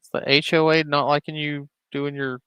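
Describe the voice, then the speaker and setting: A man's voice: a little high, little pitch movement, normal speed, a bit bright, clear, resonant tone, no echo. A man co-hosting a show, making wry, mocking commentary over a stream in casual chat.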